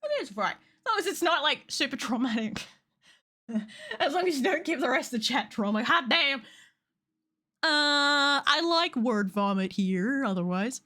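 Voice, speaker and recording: Her voice sits high and sounds expressive, a little slow and sharp. This VTuber streamer and model rigger giggles and rambles through casual live-stream chat while gaming, cursing without hesitation.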